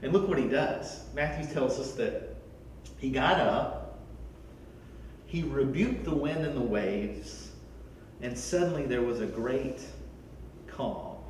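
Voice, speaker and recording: A man preaching a sermon as a pastor, animated and often repeating words as he starts a sentence. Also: medium pitch, slow, pauses often, heavy reverb, far from the mic, a little hiss or hum, low-quality recording.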